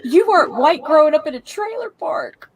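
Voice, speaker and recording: A woman's voice: sits high, lively intonation, normal speed, vocal fry, slight background noise. Joking, tipsy woman on a video call. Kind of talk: casual chat on a livestream.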